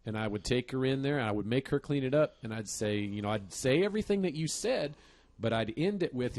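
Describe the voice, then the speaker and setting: A man's voice: medium pitch, animated, a little fast, darkish tone. A man in his thirties chatting on a podcast, telling a profane story about his kids with frequent laughter. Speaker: podcast host. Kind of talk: casual chat.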